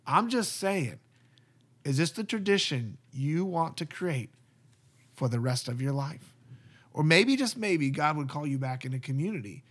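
A man's voice: on the high side, animated, measured pace, slightly rough. Earnest man pastor talking. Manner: earnest, conversational, emphatic. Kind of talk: casual podcast talk.

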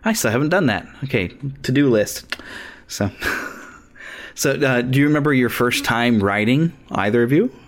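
A male podcast host in a relaxed chat, eager and talkative, often breaking into laughter. His pitch sits in an ordinary middle range. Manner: eager, chatty, quick to laugh. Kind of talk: casual chat.

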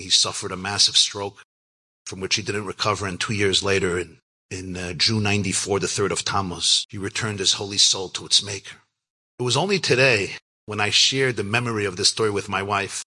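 A man, a rabbi, telling a personal story in an earnest, reflective way, with lively shifts when he acts out quoted lines. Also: breathy edge. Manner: animated, acts out quoted lines with big pitch jumps. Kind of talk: storytelling talk.

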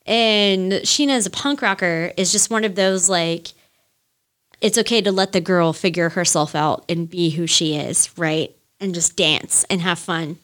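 A woman in her thirties gushes her way through a casual solo music podcast, rambling with plenty of fillers and the odd swear word. She has a lowish, fairly bright voice and speaks a little slowly.

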